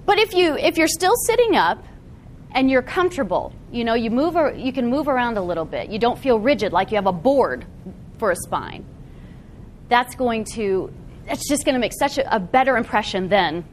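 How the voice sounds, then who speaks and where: A woman presenting to a live audience in a meeting room, her fairly high voice swinging widely up and down. She keeps things animated and checks in with the room again and again. A faint hiss sits under her voice. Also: normal speed, pauses often. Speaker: workshop presenter. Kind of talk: live seminar talk to an audience.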